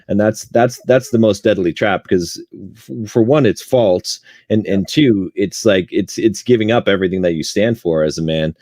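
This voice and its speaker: Male podcast host, casual and agreeable, swears freely, lowish pitch, dry close sound. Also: moderate pace, few pauses, darkish tone, no echo.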